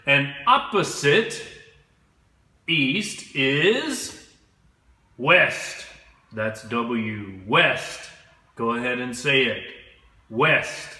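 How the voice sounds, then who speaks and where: A man teaching English to children, speaking slowly and clearly and having them repeat words after him. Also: medium pitch, sharp tone, reverberant. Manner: slow, clear, drills words for repetition. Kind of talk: slow classroom instruction.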